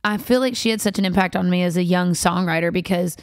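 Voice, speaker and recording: A woman's voice: on the low side, no echo, clean studio sound. A young woman singer-songwriter from Kentucky, chatting as a guest in an enthusiastic, gushing way. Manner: bubbly, gushing, quick to laugh. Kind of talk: casual chat.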